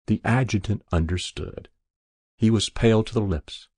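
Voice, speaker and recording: A man reading a story aloud as narrator, in a measured, dramatic storytelling manner. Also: fairly low pitch, a little mellow, slightly rough, no room sound, clean studio sound.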